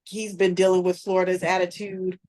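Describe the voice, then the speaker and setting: A podcast co-host with a lowish, slightly mellow voice speaks briskly with little pitch movement. She casually recaps a TV episode, wandering along with many fillers and restarts.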